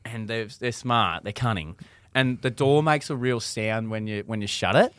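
Male podcast co-host, animated storyteller, dry close mic. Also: fairly low pitch, moderate pace, smooth, no room sound. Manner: animated, acts out quoted voices loudly. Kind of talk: casual chat, storytelling.

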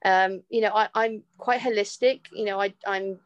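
A woman's voice: mid-range voice, steady tone, normal speed, smooth, dry recording, muffled recording. A woman with an English accent, a podcast guest chatting casually and laughing often, with frequent restarts. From England. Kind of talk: casual chat.

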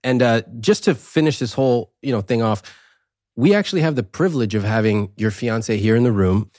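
A man hosting a casual interview, animated and quick to laugh as he prompts his guest. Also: mid-range voice, no echo, clean studio sound. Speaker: interview host.

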